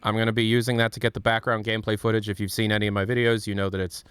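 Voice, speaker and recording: A man chats casually through a live stream, rambling and restarting often. His voice is low and smooth, recorded dry on a close mic. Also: fairly even intonation, quick pace, a bit bright, no room sound. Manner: rambling, many fillers and restarts.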